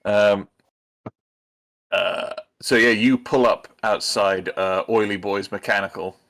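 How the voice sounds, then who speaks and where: A man runs a tabletop role-playing session and narrates each scene for the players. His voice sits on the low side for a man. He keeps pausing and restarting, feeling his way through the description. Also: steady tone, a bit bright. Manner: hesitant, many ums and restarts. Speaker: game master.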